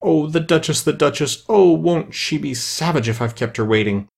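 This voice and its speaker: A man doing a flustered, hurried rabbit. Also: a little high, lively intonation, gravelly, darkish tone, breathy edge, voice pushed up, heavily acted. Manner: flustered muttering. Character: hurried, fussy male rabbit.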